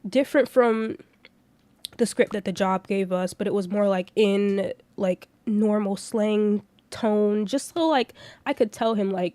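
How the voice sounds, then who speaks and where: A woman's voice: mid-range voice, darkish tone, no echo. Profane, ranting young woman streamer. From Florida. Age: 20s. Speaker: livestreamer. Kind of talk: casual stream chat.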